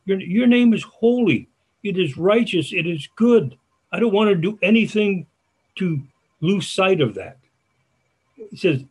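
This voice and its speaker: Husky older man preaching a sermon. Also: sits high, animated. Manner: halting, folksy, with restarts and warm asides. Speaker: church elder preaching.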